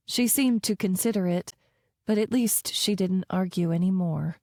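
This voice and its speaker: A woman narrating a first-person romance audiobook with wry, lively storytelling on a close studio mic. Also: medium pitch, normal speed, dry recording.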